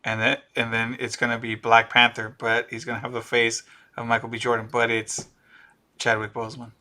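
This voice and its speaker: Excitable man with a bright, forceful voice. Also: mid-range voice, a little fast. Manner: animated, excitable, riffs on ideas and laughs. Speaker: podcast co-host. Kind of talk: casual pop-culture chat.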